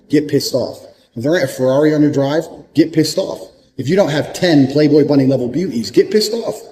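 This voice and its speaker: Guy doing a swear-heavy pep talk, dark mellow voice, keeps repeating himself for punch. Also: medium pitch, a little hiss or hum, poor audio. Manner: blunt, profane and emphatic; repeats points for emphasis. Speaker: motivational speaker. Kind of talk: motivational monologue.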